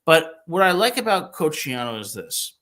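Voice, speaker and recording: Young male sports talk host from New Jersey, bright tense voice, boisterous joker. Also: fairly high pitch, moderate pace. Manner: boisterous, jokey, animated storytelling. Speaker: podcast host.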